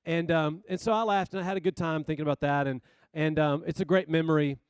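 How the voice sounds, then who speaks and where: A man giving a sermon as youth minister, telling stories with lively asides. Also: fairly high pitch, fast, smooth, no echo. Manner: storytelling, animated asides.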